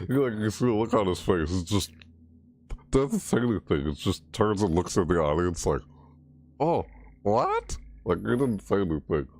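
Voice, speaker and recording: Low, mumbling man rambling through a game overview. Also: darkish tone. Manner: rambling, restarting phrases and correcting himself. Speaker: gaming video creator.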